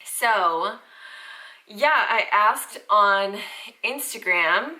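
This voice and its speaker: A woman's voice: mid-range voice, lively intonation, very slow, sharp tone, poor audio. A young woman from the southern United States, a first-time mom chatting casually to her vlog audience at home. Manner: chatty, playful baby talk. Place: home room with baby.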